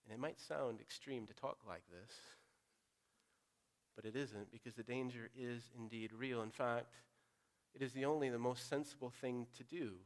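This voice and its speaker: A pastor preaching an earnest, direct sermon, moving between loud urging and quiet, pressing appeal. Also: male voice, medium pitch, normal speed.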